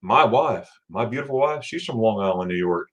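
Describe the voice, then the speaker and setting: A man's voice: fairly quick, dull audio. Chatty upbeat man greeting viewers. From Florida, USA. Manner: chatty, upbeat, greets viewers by name with sudden excited jumps in pitch. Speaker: livestream host. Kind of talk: casual livestream chat reading viewer comments.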